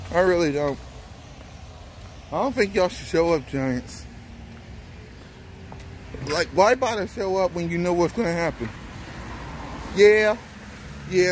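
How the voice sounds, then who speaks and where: High-voiced man trash-talking slowly. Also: a little hiss or hum. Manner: mocking, taunting, laughs often. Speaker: sports fan vlogger. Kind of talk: trash-talking sports rant.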